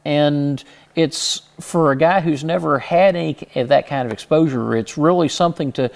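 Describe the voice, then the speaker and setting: A gravelly, fairly high-voiced middle-aged man from Houston speaks as an interview guest. He talks casually and self-deprecatingly, stopping and restarting his sentences often. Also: moderate pace. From Houston, Texas.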